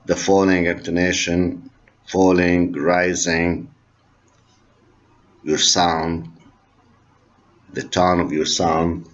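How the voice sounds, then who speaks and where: Very deep, slow lecturing man. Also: little pitch movement, a bit bright. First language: Arabic. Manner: slow, repetitive explaining, switching between English and Arabic. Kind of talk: university lecture on linguistics. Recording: dull lo-fi recording.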